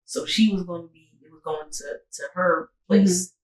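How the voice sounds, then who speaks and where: A woman's voice: on the low side, normal speed, roomy sound, low-quality recording. A woman telling a personal story on a casual podcast. She talks loosely and animatedly, full of "like" and "I was like," and acts out what others said. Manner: animated storytelling, acting out quoted dialogue, frequent "like"; sobering, emotional retelling. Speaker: podcast co-host.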